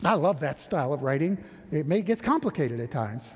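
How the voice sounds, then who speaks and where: A man's voice: fairly high pitch, very animated, brisk, a little mellow, breathy edge. A man preaching a sermon, emphatic, asking rhetorical questions and answering them. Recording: reverberant hall.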